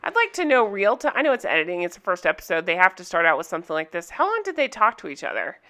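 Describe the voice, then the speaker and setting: A woman's voice: lowish voice, wildly swooping pitch, fast, bright, forceful tone. A woman recapping a reality TV episode for her viewers in casual chat, candid and chatty, laughing often.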